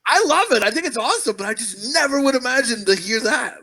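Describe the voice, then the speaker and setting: A young man co-hosting a crude comedy podcast, profane and giggly, talking in excited casual banter. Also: very high voice, fast talker. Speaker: podcast co-host.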